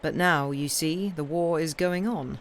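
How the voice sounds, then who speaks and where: A woman voicing a weary male naval officer who speaks in a steady, dry, faintly mocking tone. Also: deep voice, measured pace, a little hiss or hum. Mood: gloomy.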